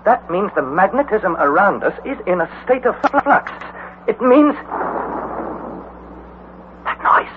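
Old radio drama: a nervous young nephew on an expedition, excitable and panicky, with a lively, swinging voice. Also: male voice, high-pitched, heavily acted. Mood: panicked. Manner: anxious, breathless, quick to panic. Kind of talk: 1940s radio acting. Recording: tinny, hissy old radio broadcast.

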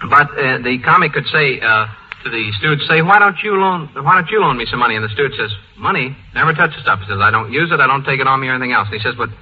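A male comedy writer on a radio panel, rattling off a joke setup. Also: medium pitch. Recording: dull reverberant old radio, faint hiss.

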